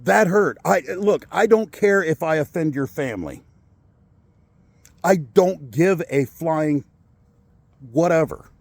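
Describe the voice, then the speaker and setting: A man's voice: on the high side, lively intonation, slow, long pauses, darkish tone, dry recording. A man in his forties telling a personal story in a vlog, angry and upset, swearing and rambling with many fillers. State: upset, shaky with anger. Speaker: vlogger. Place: in a car.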